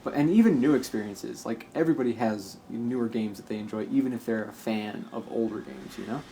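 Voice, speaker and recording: A man's voice: medium pitch, brisk, warm tone, a little hiss or hum. An American man co-hosting a casual gaming stream, rambling through his opinions with frequent restarts and lots of "like". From United States. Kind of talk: casual chat while playing a game.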